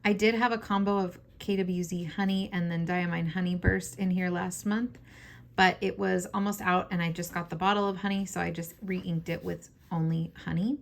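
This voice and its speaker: A woman's voice: lowish voice, steady tone, normal speed. Scratchy-voiced woman chatting about pens. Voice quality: scratchy, hoarse voice. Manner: chatty, enthusiastic, many fillers. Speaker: fountain pen vlogger. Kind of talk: casual show-and-tell.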